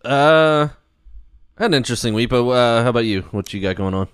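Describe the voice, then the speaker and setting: A man's voice: mid-range voice, expressive, brisk, clean tone, dry recording. A man, co-hosting a podcast in a laid-back, teasing, dry way. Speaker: podcast co-host. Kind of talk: casual chat.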